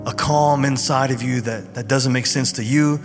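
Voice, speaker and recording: A man gives a sermon in an informal, conversational way, like a pastor talking to his congregation. His voice carries a long hall reverb. Soft music plays clearly behind him. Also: mid-range voice, steady tone, moderate pace. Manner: conversational, informal preaching with fillers. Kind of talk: sermon and prayer.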